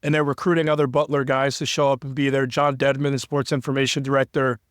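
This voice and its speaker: A man's voice: mid-range voice, level tone, fast, no echo. A man from Cincinnati, a guest in an interview, talking in an earnest, heartfelt and long-winded way, close to tears. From Cincinnati, United States. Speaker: interview guest, sports broadcaster. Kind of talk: candid conversational interview.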